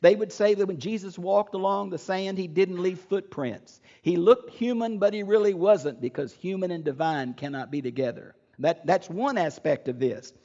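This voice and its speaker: A man's voice: high-pitched, moderate pace, few pauses, warm tone, highs cut off. An older man giving an earnest, emphatic Bible lecture as a teacher, often restarting his phrases.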